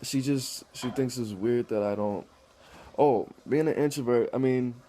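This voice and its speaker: A man's voice: mid-range voice, unhurried, mellow, a little hiss or hum. A man talking casually to the camera in a blunt, rambling way, full of swearing, about his life. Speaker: vlogger.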